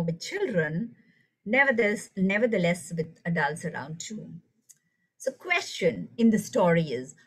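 A woman's voice: medium pitch, rough recording. A woman leading an online teacher workshop, telling a story and asking the audience questions over a video call. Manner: engaging, animated, asks the audience questions. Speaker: teacher trainer.

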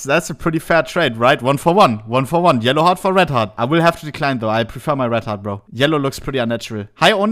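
A man's voice: medium pitch, fairly bright tone. A man streaming casually, reading out trade messages and brushing them off with laughs. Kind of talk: casual livestream commentary.

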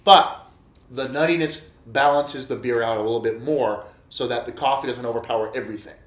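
In an echoey room, a man reviews beer on a casual vlog, speaking briskly in a medium-pitched, slightly bright voice. He's eager and chatty, talking directly to viewers as "guys" and repeating himself.

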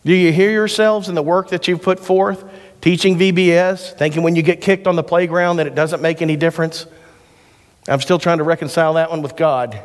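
Pastor preaching in a reverberant church. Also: male voice, a little high, fairly even intonation. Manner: folksy storytelling with quick jokes. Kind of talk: sermon.

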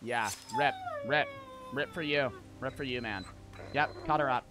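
A young man streaming a game, talking to his chat in a casual, profane, excitable way and breaking into repeated shouted outbursts. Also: mid-range voice, measured pace. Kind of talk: live gameplay commentary. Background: game music.

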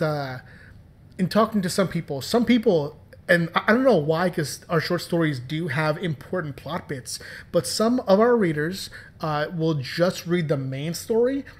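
A man hosting a podcast and talking about his comics in a playful, joking, chatty way. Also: a little high. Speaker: podcast host and comics writer. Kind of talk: casual podcast commentary.

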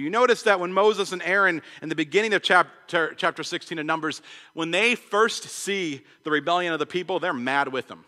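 A young male pastor delivers his sermon with a high, bright voice, firing off thoughts in passionate bursts and restarting his sentences. His voice trails off into a long reverb that fills the church hall. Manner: passionate, fast-talking preacher with many restarts and acted quotes. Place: church sanctuary.

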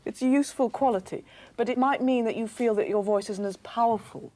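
A woman's voice: a little high, brisk, dark tone. A woman voice coach leading a workshop on a TV studio stage, coaxing the audience through exercises.

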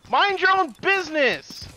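High, swingy man yelling game trash talk. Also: very animated, unhurried. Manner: loud, swearing, laughing, shouting taunts. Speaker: gaming streamer. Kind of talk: excited gameplay trash talk. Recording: noisy game audio in background.

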